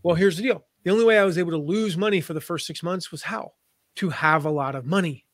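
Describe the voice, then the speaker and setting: A man's voice: on the high side, fast, dry recording, clean studio sound. A man guesting on an interview, explaining his ideas in a chatty, storytelling way and slipping into playful put-on voices. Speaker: guest, affiliate marketing expert. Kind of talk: conversational podcast interview.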